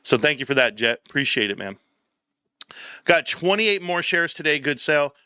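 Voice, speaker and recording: Lively, bright-voiced man streaming from home. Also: on the high side, normal speed, smooth, no echo, clean studio sound. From California. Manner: animated storytelling, reads chat aloud. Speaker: live stream host. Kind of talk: casual live stream chat. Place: home, standing at a desk.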